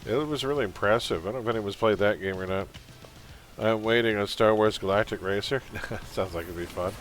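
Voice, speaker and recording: A man's voice: lowish voice, a little fast, faint music behind. Chatty Canadian man streaming a game. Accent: mild Canadian. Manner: chatty, reads game text aloud, chuckles often. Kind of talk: casual live-stream commentary.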